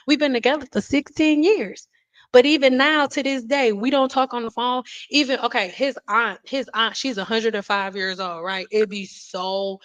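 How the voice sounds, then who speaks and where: A woman's voice: mid-range voice, a bit bright, rough recording. A woman hosting a casual livestream, talking in a chatty, rambling way with lots of restarts and apologies. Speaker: beauty vlogger and livestream host.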